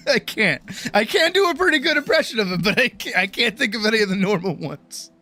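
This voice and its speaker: Her voice is a little high and brisk as she chats casually on her live stream, cursing often and poking fun at herself. The talk is animated and foul-mouthed, with faint background music.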